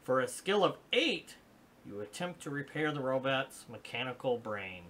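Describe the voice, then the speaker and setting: A man runs a board game session at a home table, reading its story passages aloud with dramatic pacing and answering rules questions. His voice is bright and crisp, with a tense edge. A faint noise floor sits under the recording. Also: medium pitch, sing-song, moderate pace.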